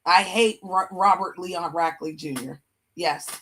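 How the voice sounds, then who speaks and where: A woman's voice: fairly low pitch, unhurried, fairly bright tone, slight background noise. A woman hosting a livestream, venting angrily about an ex in heated, profane casual chat. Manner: angry, profane venting rant. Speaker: livestream host.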